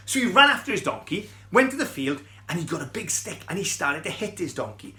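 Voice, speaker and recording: Bright-voiced man telling a children's story. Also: high-pitched, sing-song, brisk. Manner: chatty and playful, asks the kids questions. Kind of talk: lively Bible story told to children.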